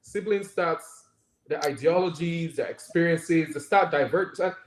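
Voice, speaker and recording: A man's voice: fairly high pitch, normal speed. A man with a Nigerian accent, a guest doctor in an interview, talking earnestly and reflectively and often checking in with "right?". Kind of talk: conversational interview. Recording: roomy echo.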